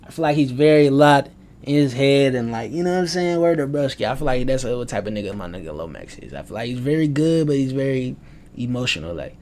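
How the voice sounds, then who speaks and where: A man's voice: medium pitch, very animated, brisk, darkish tone. A young man at home, rambling loosely in slang through his sports predictions as a casual vlogger. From United States. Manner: loose, slangy, rambling and self-aware about rambling.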